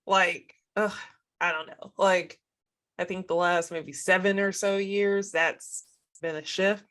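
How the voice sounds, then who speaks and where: A woman co-hosting a podcast in casual chat, reflective and gently self-deprecating. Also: fairly low pitch, fairly even intonation, slow pace. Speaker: podcast co-host.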